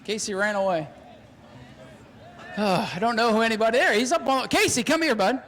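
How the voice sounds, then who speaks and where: A man announcing a live race and interviewing drivers at an outdoor speedway, excited and shouting during the action, joking between interviews. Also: very high voice, fairly quick. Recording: noisy outdoor racetrack.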